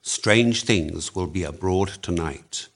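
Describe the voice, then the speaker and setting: A man reading aloud and voicing a shrewd gentleman hero who speaks quietly and drily. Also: fairly low pitch, lively intonation, normal speed. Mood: calm. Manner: quiet, dry, level.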